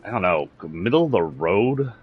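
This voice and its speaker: A man with a slight Southern accent from Texas, talking bluntly and indignantly in a political livestream rant. His voice sits very low. The lo-fi stream audio sounds dull and muffled. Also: very animated, normal speed, breathy edge. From San Antonio, Texas.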